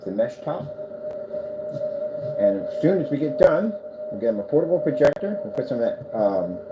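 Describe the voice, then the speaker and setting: This is a man with a mid-range voice, recorded with dull audio against a noisy room. He runs a small screen business and chats casually in a vlog from his indoor workshop with boxes and a desk, moving from preaching about faith to cooing playfully at his cat.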